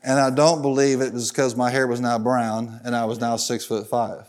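A man's voice: mid-range voice, flat delivery, normal speed, darkish tone. A middle-aged man, a pastor from Southern Illinois, preaching to a congregation, telling stories in a folksy way and calling for the congregation to answer him. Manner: folksy storytelling, calls for congregation responses. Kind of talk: sermon with stories. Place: church sanctuary.

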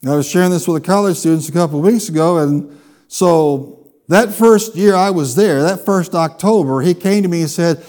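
A man preaching a sermon, telling a funny personal story with lively, animated delivery. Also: on the high side, normal speed. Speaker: pastor.

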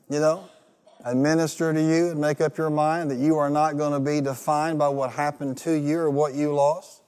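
A male pastor preaches a rousing sermon, leading his congregation in call-and-response and climbing to loud peaks. His fairly high voice trails off into a long reverb tail.

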